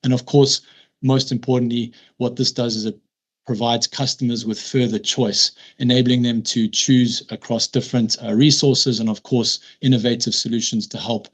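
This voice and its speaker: Man, middle pitch, formal hearing presentation, measured, frequent fillers and restarts. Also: level tone, husky. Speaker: licence applicant presenting.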